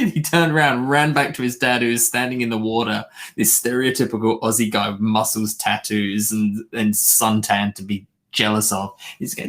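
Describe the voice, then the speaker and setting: A man's voice: on the low side, fairly even intonation, moderate pace, hardly any pauses, a bit bright. A man co-hosting a podcast, telling a story in a casual, dry joking way. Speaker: podcast co-host. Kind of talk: casual chat.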